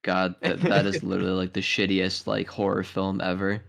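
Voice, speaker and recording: A man's voice: deep voice, completely flat delivery, a little fast, vocal fry. A man co-hosting a casual podcast, riffing and joking with bursts of laughter. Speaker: podcast co-host. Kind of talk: casual chat.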